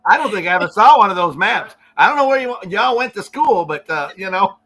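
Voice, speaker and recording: A man's voice: high voice, animated, fairly quick, sharp tone. A man from Ohio, a guest musician, teasing easily and laughing along in casual chat.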